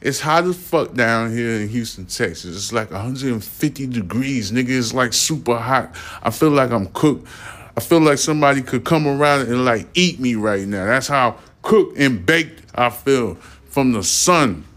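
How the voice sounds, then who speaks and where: A man hosting his own podcast, giving loud, profane and cynical solo commentary with a ranting edge. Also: mid-range voice, animated, moderate pace. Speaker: podcast host. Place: Houston, Texas.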